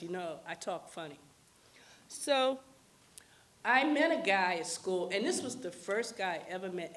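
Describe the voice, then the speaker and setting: Older woman telling her story. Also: on the high side. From New York. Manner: candid, wry, drops soft for painful parts. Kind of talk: personal storytelling. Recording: faint hiss.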